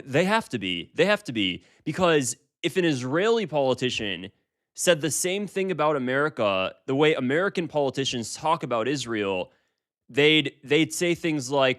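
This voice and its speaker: A man's voice: medium pitch, expressive, moderate pace, fairly bright tone. A man in his twenties giving casual political commentary, emphatic and repeating himself with frequent restarts. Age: 20s.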